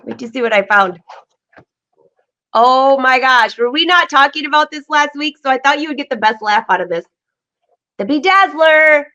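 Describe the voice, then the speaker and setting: A woman hosting a live sewing vlog from her home studio, chatty and excitable, laughing often. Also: high-pitched, normal speed, long pauses, muffled recording. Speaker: vlog host. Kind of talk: live-streamed casual chat.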